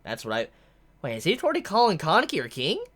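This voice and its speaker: A manga reviewer reacting aloud while reading a chapter, thinking out loud, restarting sentences and breaking into delighted shouts. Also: mid-range voice, wildly swooping pitch, fast talker.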